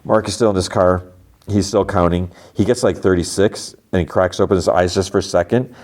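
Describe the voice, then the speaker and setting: Man, very low voice, podcast host, casual episode recap, rambling, lots of fillers. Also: steady tone, a little fast, a little mellow. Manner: loose and rambling, heavy on filler words.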